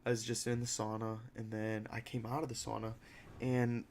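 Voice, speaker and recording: A young man hosting a podcast, telling a story in a casual, animated, profane way and acting out other people's lines. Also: fairly low pitch, moderate pace, slight background noise. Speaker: podcast host; mixed martial arts fighter.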